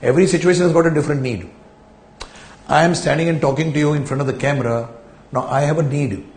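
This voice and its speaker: Male lecturer, fairly high voice, explanatory, rhetorical questions, echoey room. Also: quick pace, a little mellow. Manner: explanatory, rhetorical questions, repeats key phrases. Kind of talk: recorded lecture to camera. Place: indoor room, speaking in front of a camera.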